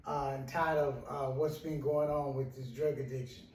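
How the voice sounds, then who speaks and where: A man's voice: medium pitch, fairly even intonation, normal speed, a little mellow, slight background noise. Rambling male counselor telling a story. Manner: rambling, repetitive, frequent "right?". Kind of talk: storytelling talk. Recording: roomy echo, mic at a distance.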